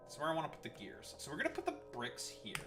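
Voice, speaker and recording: A man's voice: on the high side, huge pitch swings, fast, distant mic, over music. A man with a Canadian accent giving casual, swearing gameplay commentary as a streamer, rambling and thinking aloud.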